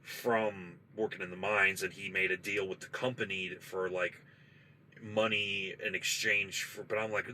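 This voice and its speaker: A trucker man with a lowish voice tells a spooky story from his parked truck. His tone is bright and forceful, and his talk is loose, profane and conversational, with a faint hiss of noise underneath. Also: flat delivery, measured pace, poor audio. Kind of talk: casual spoken storytelling.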